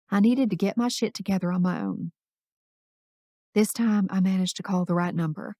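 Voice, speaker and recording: A woman's voice: medium pitch, vocal fry, dark tone, no echo, studio quality. A woman narrating a first-person romance audiobook in an intimate, emotional reading.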